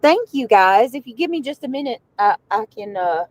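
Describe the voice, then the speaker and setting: A woman's voice: a little high, lively intonation, moderate pace, poor audio. Rambling Southern woman streaming from a car. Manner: rambling, easily distracted, chatting to viewers. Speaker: livestreamer. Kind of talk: casual livestream chat. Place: riding in a car.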